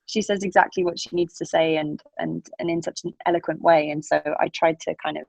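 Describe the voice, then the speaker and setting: A young woman talks as a podcast guest, rambling warmly through her thoughts with many ums and restarts. Her voice sits on the low side for a woman. The sound is dry and close, with no room around it. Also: fairly even intonation, a little fast, vocal fry, dry recording, poor audio. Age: young adult. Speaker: actress guest. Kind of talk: casual interview chat.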